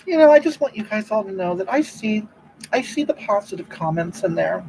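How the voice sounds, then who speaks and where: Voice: expressive, fairly quick, creaky, darkish tone, slight background noise, low-quality recording. A performer doing a rambling, preachy older woman livestreamer. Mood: gushing. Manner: rambling, keeps repeating "you know what?", swoops up and down in pitch. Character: older woman livestreamer, self-righteous, preachy about love. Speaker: livestream host reading chat comments. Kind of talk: comedic improvised livestream monologue.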